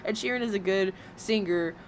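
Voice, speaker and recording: A woman's voice: mid-range voice, normal speed, a little hiss or hum. Sarcastic, blunt woman reaction commentator. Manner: sarcastic, blunt, profane ranting.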